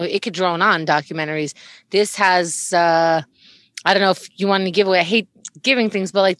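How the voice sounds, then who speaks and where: A woman's voice: mid-range voice, a bit bright, no room sound. A woman co-hosting a podcast in casual chat, retelling things in a chatty way with casual swearing. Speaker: podcast co-host.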